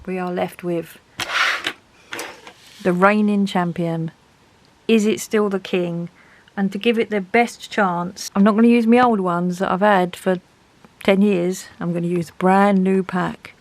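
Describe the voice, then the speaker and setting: A woman's voice: mid-range voice, fairly even intonation, unhurried, low-quality recording. A woman, chatting casually and thinking aloud as she reviews art supplies.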